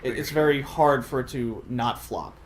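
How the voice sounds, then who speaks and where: Man, mid pitch, teasing co-host on a casual let's-play, faint background noise. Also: moderate pace. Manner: teasing, joking, laughs often.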